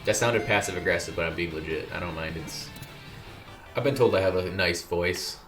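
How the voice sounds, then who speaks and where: A man's voice: low voice, moderate pace, fairly bright tone, faint music behind. A man streaming a game, chatting casually and joking while he plays. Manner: laid-back, joking, talks to himself while playing. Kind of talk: casual gaming chat.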